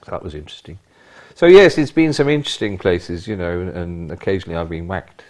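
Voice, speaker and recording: An older man with a very deep voice tells his stories in an interview. He is animated and punches key words with sudden emphasis. He speaks as a retired police officer recalling his career. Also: fairly quick. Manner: animated storyteller, bursts of emphasis. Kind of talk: anecdotal interview.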